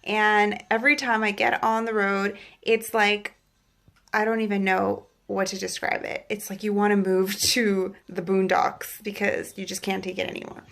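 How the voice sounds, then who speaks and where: A young woman vlogger in the Los Angeles area shares a personal faith testimony in a chatty style, packed with "like" and acted-out quotes. Her mid-range voice is gravelly and fairly bright, with little pitch movement, at a normal speed.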